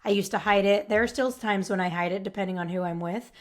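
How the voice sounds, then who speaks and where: A woman's voice: mid-range voice, fast. A young adult woman hosting her own podcast, talking casually and earnestly, reassuring listeners and often checking in with "right?". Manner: earnest and reassuring, with frequent "right?" tag questions. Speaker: podcast host. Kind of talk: casual solo podcast advice.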